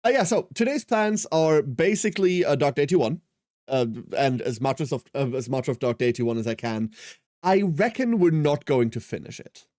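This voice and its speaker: A man's voice: on the high side, animated, moderate pace, a little mellow, no room sound, studio quality. A man in his thirties streaming a game, chatting casually and rambling with self-mocking humour as he answers chat. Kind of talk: casual live-stream chat while gaming.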